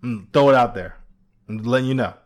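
A man's voice: medium pitch, fairly quick. A man co-hosting a podcast, telling stories in casual chat, acting out quotes, swearing and laughing often. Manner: animated storyteller who acts out quotes, swears, laughs often. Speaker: podcast co-host.

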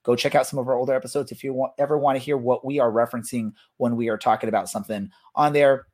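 A man's voice: mid-range voice, steady tone, quick pace, a little mellow. A man hosting a casual soccer podcast, talking in a loose, rambling way full of fillers. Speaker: podcast host.

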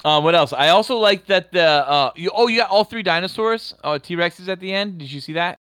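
A man in his thirties co-hosting a podcast, rambling and swearing as he tells animated stories in casual chat. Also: high-pitched, a little fast, clean tone, dry recording. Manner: rambling, profane, animated storytelling. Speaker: podcast co-host.

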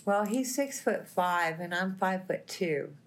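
A woman, a talk show guest, telling a lively story full of quoted dialogue in a plainspoken way. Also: lowish voice, unhurried. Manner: animated, laughing, plainspoken retelling.

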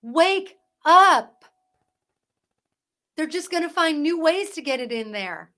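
A woman with a high, bright-pitched voice delivers fervent Christian commentary as a podcast host. She hammers her points with rhetorical questions and urgent calls to wake up, swinging between loud emphasis and hushed asides. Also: animated, takes it slowly. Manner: parent.

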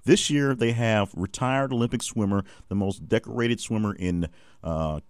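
A man's voice: on the low side, moderate pace, smooth, no echo, studio quality. A man hosting a news recap podcast, giving wry, offhand commentary with frequent fillers.

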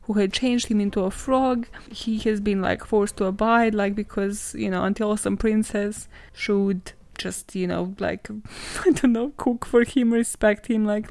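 A woman hosting a podcast retells a fairy tale in sarcastic, profane, chatty style, laughing often and saying "like" constantly. Her voice is medium-pitched, steady, and a little mellow at a measured pace. No echo is heard.

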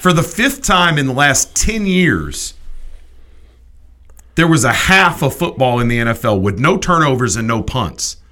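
A man hosting a sports talk show, ranting in an animated, emphatic way with quick restarts. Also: medium pitch.

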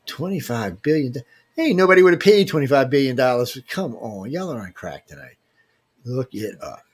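A man's voice: medium pitch, sing-song, brisk, husky. A man hosting a casual livestream giveaway, reading viewer emails aloud and teasing them with loose slang. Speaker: livestream host running a giveaway.

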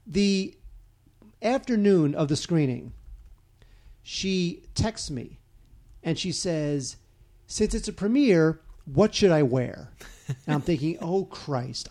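A man co-hosting a film review show, telling an animated story with stammers and restarts. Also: a little high. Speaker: film critic co-host. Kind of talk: casual anecdote chat.

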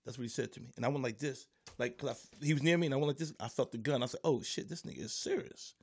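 A man's voice: mid-range voice, very fast, breathy edge. A man who is a stand-up comedian, casually telling a story and acting out the voices and noises of the people in it.

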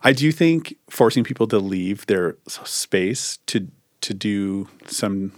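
A man's voice: lowish voice, takes it slowly, no room sound, clean studio sound. A man co-hosting a podcast, chatting casually and rambling with lots of fillers and restarts. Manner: relaxed, rambling with many likes and restarts. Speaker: podcast co-host. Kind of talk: casual chat.

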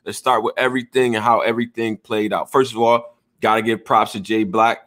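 A man's voice: on the low side, level tone, fairly quick, fairly bright tone. A middle-aged man hosting a casual streamed chat, talking in loose slangy banter. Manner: loose slangy banter, frequent "you know what I mean". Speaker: stream host.

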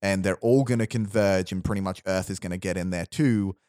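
Low-voiced man rambling through a story. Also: darkish tone, no room sound, clean studio sound. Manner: rambling, restarts, laughs often, quick asides. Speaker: podcast host pitching a film idea. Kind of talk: casual chat, storytelling.

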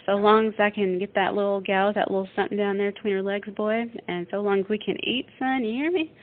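A woman doing a brash, excited young man. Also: medium pitch, quick pace, close to an everyday voice. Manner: loud, excited, pushy. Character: eager, brash young man, hungry and restless. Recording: tinny phone-like radio sound.

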